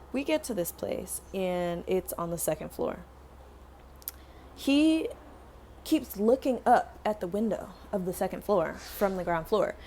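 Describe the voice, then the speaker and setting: A woman's voice: mid-range voice, slow pace, pauses often, slight background noise. A young woman chatting through a casual storytime while doing her hair, acting out every voice in the story. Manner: animated storytelling, acts out both sides of dialogue. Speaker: beauty vlogger.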